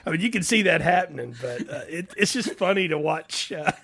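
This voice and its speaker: A man's voice: on the high side, animated, fairly quick, creaky, crowd noise. An American man co-hosting a casual movie podcast, joking animatedly and acting out quotes. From United States. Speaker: podcast co-host. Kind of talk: casual movie-review chat.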